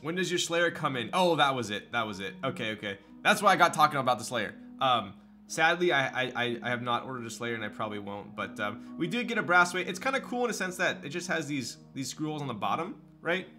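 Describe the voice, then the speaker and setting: A man's voice: medium pitch, big pitch swings, quick pace, sharp tone, faint music behind. A man chatting casually on a live stream, answering his viewers' questions as they come in. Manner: chatty, loose, reads and answers chat.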